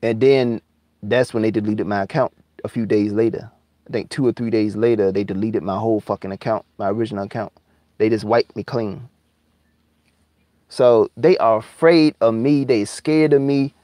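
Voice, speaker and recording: A man's voice: lowish voice, fairly even intonation, warm tone, no echo. Heated profane man ranting on a live stream. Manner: heated, profane, repetitive, drawling slowdowns. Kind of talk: angry conspiracy rant on a live stream.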